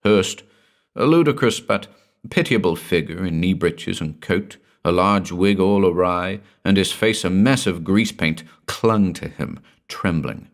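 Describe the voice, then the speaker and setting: A man giving a measured, dramatic scripted narration of a classic horror story. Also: low voice, animated.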